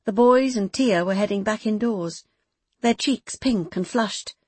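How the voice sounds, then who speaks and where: A woman reading a novel aloud in measured, intimate scripted narration. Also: medium pitch, a little mellow, slightly rough, no echo. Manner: measured, intimate, close third-person storytelling. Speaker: audiobook narrator.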